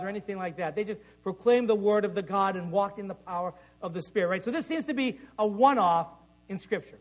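A man with a noticeably high voice preaches a sermon, moving between scripture reading and relaxed, chatty explanation. He keeps checking in with his listeners with a quick "right?". A faint electrical hum sits under the recording. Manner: conversational preaching with frequent "right?" asides. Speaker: pastor.

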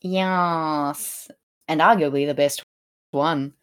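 A woman's voice: deep voice, fairly even intonation, slow pace, fairly bright tone, clear, resonant tone. A woman co-hosting a podcast, chatting casually about a play in an upbeat, opinionated way and laughing easily. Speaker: podcast co-host. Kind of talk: casual literary discussion.

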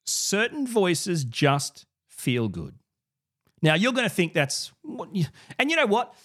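A man hosting his own commentary video, speaking straight to the viewer in an animated, sarcastic way and often repeating words as he goes. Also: sits high, slow pace. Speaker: podcast and video host. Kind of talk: direct-to-camera commentary.

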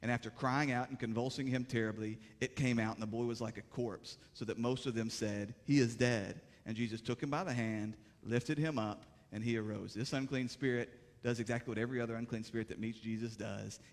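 A pastor preaching a sermon, moving from calm teaching to impassioned, rising delivery. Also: male voice, mid-range voice, brisk, big-room sound.

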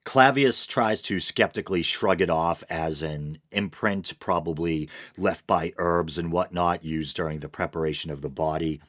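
Low-voiced man with wry asides. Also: moderate pace, few pauses, a bit bright, dry recording. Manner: wry, conversational, with dry asides. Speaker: film reviewer. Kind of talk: casual scripted film review narration.

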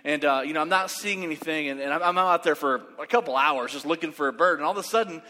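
Lively preacher in a reverberant hall. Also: male voice, a little high, fast talker. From West Texas. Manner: animated, acts out voices in his story. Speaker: pastor. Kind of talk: sermon with storytelling.

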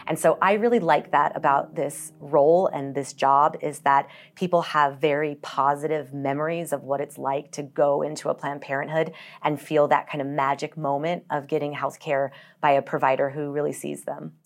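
A woman with a notably low voice talks earnestly as a guest on a podcast interview. She is from Colorado and leads a health organization. Her storytelling is open and personal, with some fillers along the way. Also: fairly even intonation, normal speed, few pauses. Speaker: nonprofit health organization CEO.

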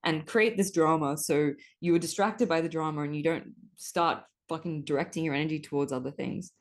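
Low-voiced woman hosting a casual podcast. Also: a little fast. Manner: animated, swears often, spiritual language. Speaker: podcast host. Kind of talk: casual solo podcast monologue.

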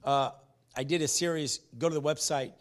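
A man's voice: fairly high pitch, fairly even intonation, moderate pace. A man preaching a sermon as pastor, emphatic, repeating his phrases and putting questions to the congregation.

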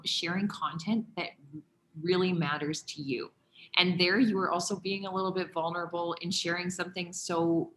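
A woman's voice: fairly low pitch, a bit bright, slight background noise. A woman hosting a casual interview, speaking in an encouraging, affirming way. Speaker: host.

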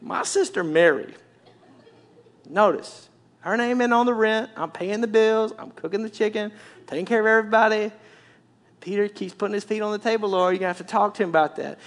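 A man preacher voicing a flustered, sassy woman cook who is fed up with doing all the work, complaining in rapid, scolding bursts. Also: sits high, fairly bright tone.

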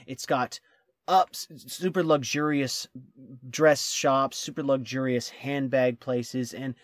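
A man co-hosting a travel talk, eager and quick to laugh, tripping over his words when excited. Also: mid-range voice, dry recording, clean studio sound. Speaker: travel vlog co-host. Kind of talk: casual travel chat.

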